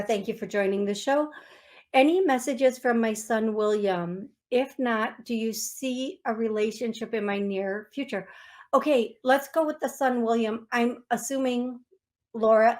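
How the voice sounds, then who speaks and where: A woman with a voice on the high side and an Upper Midwest American accent hosts a call-in radio show as a psychic medium. She speaks slowly and gently, sometimes getting emotional, and reads listeners' messages aloud.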